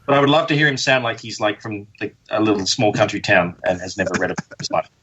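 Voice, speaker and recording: A middle-aged man with an educated Australian accent talks as a guest on a casual podcast. His voice is bright with a touch of husk, and he jokes about himself with easy, dry humor. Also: fairly low pitch, lively intonation, fast talker, husky, dull audio. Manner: chatty, wry, self-deprecating.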